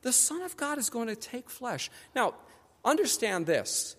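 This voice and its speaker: A man preaching a sermon as pastor, animated and conversational, acting out the people he quotes. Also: very high voice, measured pace. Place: church sanctuary. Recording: long church hall reverb.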